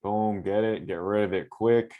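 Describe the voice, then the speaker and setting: A low-voiced man who trains basketball players breaks down game film in a loose, conversational way. He gets animated over good plays and keeps checking in with the listener. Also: normal speed, phone-quality sound. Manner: animated, coaching asides with frequent "right?". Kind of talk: casual film-breakdown commentary.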